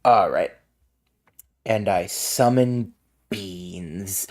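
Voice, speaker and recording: A tabletop game player who laughs a lot and sounds excited. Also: low-pitched, very slow. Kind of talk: playing a tabletop game, casual.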